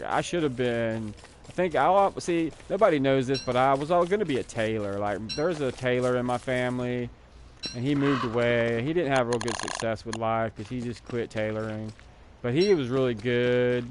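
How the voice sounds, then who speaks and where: A man's voice: mid-range voice, background noise. A man live streaming who chats in a casual, rambling and digressive way, talking back to his viewers. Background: music.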